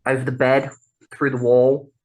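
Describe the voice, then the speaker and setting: A man's voice: mid-range voice, monotone, moderate pace, darkish tone, low-quality recording. Chatty man, laughs often. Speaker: podcast co-host. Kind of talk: casual film chat.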